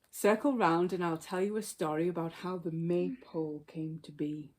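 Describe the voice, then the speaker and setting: Woman, storyteller, reading aloud, gentle, unhurried, low voice, mellow tone.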